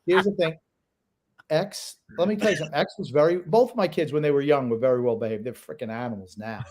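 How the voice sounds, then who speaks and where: A man's voice: on the high side, quick pace, darkish tone, slight background noise. A middle-aged man co-hosting a casual podcast, telling stories in a blunt, teasing way. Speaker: co-host, father.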